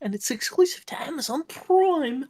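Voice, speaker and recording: A man's voice: very high-pitched, lively intonation, normal speed, warm tone. An Australian man chatting casually on a game stream, rambling with lots of fillers.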